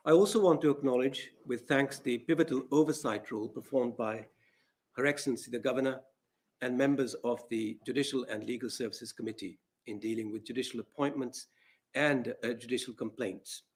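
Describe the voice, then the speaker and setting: A man, a judge giving a measured, formal address in a courtroom. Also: mid-range voice, a little mellow. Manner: measured, formal, reads from prepared remarks.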